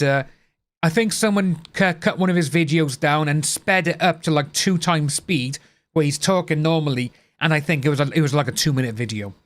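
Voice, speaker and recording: A man's voice: on the high side, fairly bright tone. Blunt man ranting on a livestream. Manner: ranting, blunt, swears freely. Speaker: livestream host. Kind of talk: casual livestream chat.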